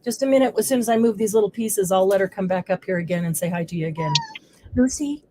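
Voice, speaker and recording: A woman's voice: medium pitch, steady tone, rapid-fire, background noise. A woman hosting a live crafting stream, chatting casually as she works. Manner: chatty, coos baby talk to her dog. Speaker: crafting show host.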